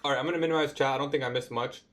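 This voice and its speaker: A young Canadian man with a Toronto accent talks through a trading livestream. His speech is relaxed and slangy, and his pitch sits in a mid range. He answers viewers' questions in an offhand way. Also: rapid-fire. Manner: laid-back slangy talk, reads out and answers chat. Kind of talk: casual livestream chat.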